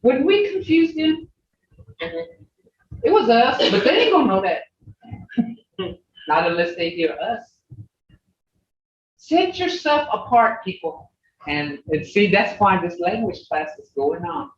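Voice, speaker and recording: Folksy teacher drilling words over a zoom class, slow and repeating, far from the mic in an echoey room. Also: medium pitch, sing-song. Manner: repeats native words slowly to drill sounds; folksy, plain-spoken, addresses class as "y'all" and "people". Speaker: language teacher. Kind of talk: online language class, pronunciation drill. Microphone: video call. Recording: distant, roomy, dull video-call audio with faint hiss.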